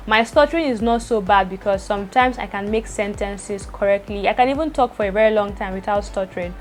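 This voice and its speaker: Stuttering fast-talking woman. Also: mid-range voice. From Nigeria. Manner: fast talker with frequent stutters and repeated words. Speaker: vlogger. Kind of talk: personal talk to camera.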